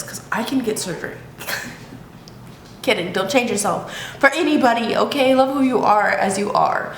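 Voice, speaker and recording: A woman's voice: mid-range voice, animated, normal speed, a bit bright. A woman vlogging to camera at home in a casual chat, frank and profane, laughing often. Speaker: YouTube vlogger. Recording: echoey room, faint background hiss.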